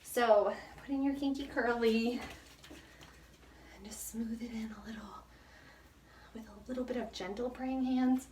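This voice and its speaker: A young woman with a fairly high voice talks through a hair routine in a casual, self-mocking way. She is a little out of breath from the heat. She sounds set back from the mic in an echoey bathroom with faint ambient noise. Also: moderate pace, pauses often, a little mellow, recorded from a distance. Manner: chatty and self-mocking, laughs often. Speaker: hair care vlogger. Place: hot bathroom.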